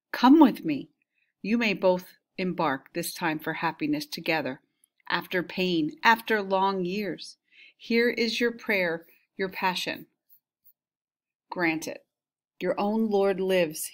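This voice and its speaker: A woman's voice: medium pitch, slow, lightly acted. A woman voicing an old nurse who is eager and insistent, read aloud with emphasis. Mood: joyful. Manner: pleading, emphatic reading aloud.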